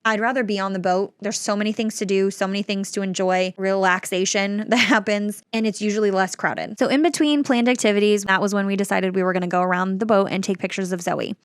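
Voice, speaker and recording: A woman vlogger tells a travel story in a casual, chatty way at an average pitch. She gets lively when she acts out what other people said to her. The recording is dry and close, with no room sound. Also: dry recording. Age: adult.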